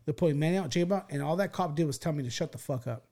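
A man's voice: fairly high pitch, fast talker. Profane storytelling man, restarts a lot. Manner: profane, rambling, lots of restarts; animated, acts out quoted voices. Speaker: podcast host telling a story. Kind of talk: casual storytelling.

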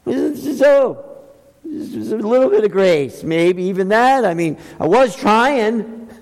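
A man preaching a sermon, asking his listeners questions and swinging between loud high emphasis and quiet low passages. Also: animated, slow, big-room sound, low-quality recording. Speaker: pastor.

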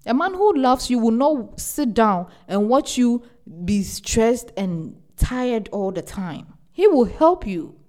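A young woman hosting a podcast, giving casual relationship advice in an animated, emphatic way and repeating words for stress. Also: fairly high pitch. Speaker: podcast host.

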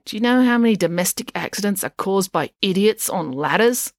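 A woman's voice: mid-range voice, expressive, a little fast, no echo, studio quality, voice pushed up, lightly acted. A woman voicing a grumpy, bossy old woman on crutches who snaps and scolds. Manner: snappish, scolding.

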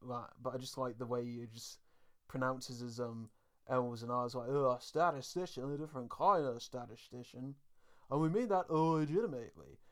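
British man, mid-pitched, rambling podcast host who laughs easily. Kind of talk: casual podcast chat.

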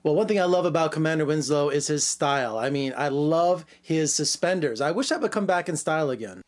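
Brisk male interview host. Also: a little high, lively intonation. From Las Vegas, USA. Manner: brisk, upbeat, presenter-like. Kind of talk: broadcast interview hosting.

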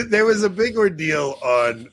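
A man's voice: medium pitch, expressive, moderate pace, a bit bright, slight background noise. A man hosting a podcast in casual chat, rambling and laughing at himself. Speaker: podcast host.

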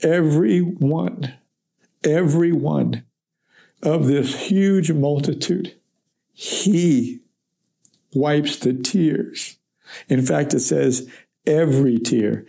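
Gravelly-voiced man teaching scripture. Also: on the high side, slow pace. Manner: reflective, conversational, with gentle fillers. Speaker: Bible teacher. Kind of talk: verse-by-verse Bible teaching.

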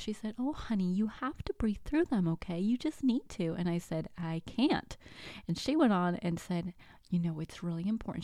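A woman in her thirties hosting a podcast, telling a personal story in a casual, animated way, acting out the dialogue and sometimes dropping to a whisper. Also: lowish voice, creaky, dry recording, clean studio sound. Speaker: podcast host.

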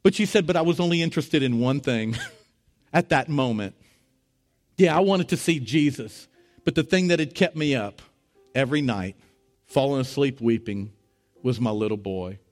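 A middle-aged man preaching as a pastor, telling a story with animated, rising voices for the people in it. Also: moderate pace, long pauses, faint music behind. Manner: animated, rising to high excited voices when retelling dialogue. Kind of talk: sermon storytelling.

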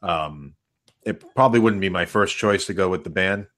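A man hosting a casual chat and reading out viewer questions in a relaxed, agreeable way. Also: low voice, moderate pace.

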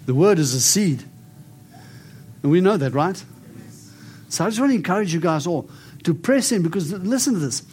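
A man's voice: high voice, lively intonation, moderate pace, pauses often, darkish tone. A man preaching and prophesying over a congregation, emphatic and declaring, often coaxing his listeners to respond. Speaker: preacher giving prophetic ministry. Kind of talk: charismatic sermon and prophecy.

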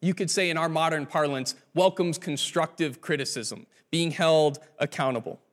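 A male pastor delivering a sermon in a relaxed, conversational storytelling way. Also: on the high side, normal speed.

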